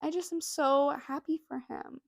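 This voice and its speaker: A woman's voice: high-pitched, steady tone, moderate pace, gravelly, no room sound. A young woman co-hosting a podcast, telling a story in a casual, gushing way with many fillers, close to tears. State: near tears. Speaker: podcast co-host.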